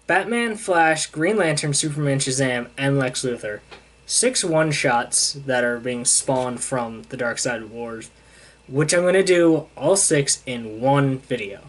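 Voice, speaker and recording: A man's voice: medium pitch, a little slow. Casual young man recapping comics. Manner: casual, retells scenes with "he's like" paraphrases. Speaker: comic book reviewer.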